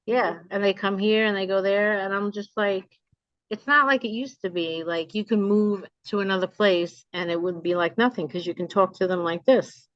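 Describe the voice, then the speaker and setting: A woman with a North Jersey accent, a memoir author from New Jersey, chats as a guest in a casual video-call interview. Her medium-pitched voice moves at a moderate pace, and the audio is dull with no echo. She's a chatty, animated storyteller.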